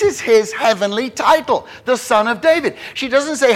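A man preaching a sermon, animated and emphatic, with frequent restarts. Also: very high-pitched, moderate pace, hardly any pauses. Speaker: pastor.

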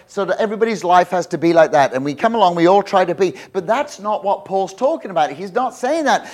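A man giving an informal, jokey sermon, rambling with many restarts. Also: high voice. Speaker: visiting preacher.

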